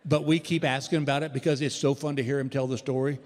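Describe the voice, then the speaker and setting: A man, performing stand-up comedy as an animated storyteller who acts out the voices he quotes. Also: mid-range voice, quick pace. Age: 60s. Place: large indoor theater stage. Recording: live theater reverb with faint ambience.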